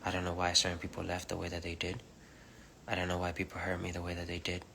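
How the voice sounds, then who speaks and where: A man giving an informal spiritual message on a live stream, speaking softly and haltingly with many pauses, mixing English and Spanish. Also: low voice, completely flat delivery, creaky, slight background noise. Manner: soft-spoken, halting, many pauses and fillers; switches between English and Spanish. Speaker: preacher on a livestream. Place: home livestream. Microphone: phone or webcam.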